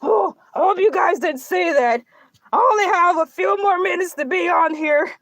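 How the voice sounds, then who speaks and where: In a very high, somewhat bright voice at a moderate pace, a woman plays a boastful, self-pitying male shark hosting a comedic livestream. The character sounds determined as he rambles through melodramatic complaints, and there's no echo.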